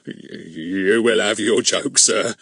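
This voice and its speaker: A man's voice: fairly low pitch, expressive, measured pace, pushed and bright, slightly rough, no echo, clean studio sound, full character voice. A blustering pompous village policeman. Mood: stammering. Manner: blustering, stammers when flustered.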